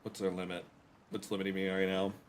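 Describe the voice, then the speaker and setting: A man's voice: low-pitched, completely flat delivery, brisk, a little hiss or hum. A man streaming a survival game, chatting casually to his viewers with rambling, self-deprecating jokes. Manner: rambling, self-deprecating, joking asides to chat. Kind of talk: casual gameplay commentary.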